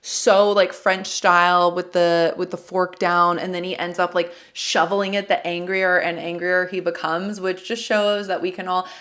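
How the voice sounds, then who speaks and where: A woman's voice: on the low side, flat delivery, normal speed, hardly any pauses, a bit bright. A woman giving a casual, rambling movie review, talking enthusiastically and directly to her viewers. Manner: rambling, restarts, occasional laughs. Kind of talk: casual unstructured chat.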